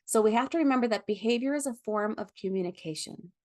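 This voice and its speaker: A woman leading a foster care training lecture, explaining gently with frequent ums and self-corrections. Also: fairly high pitch, lively intonation, fast talker.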